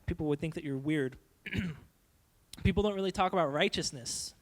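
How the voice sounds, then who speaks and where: A young man giving a playful, animated youth sermon, acting out silly voices as he goes. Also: a little high, normal speed. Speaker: youth pastor.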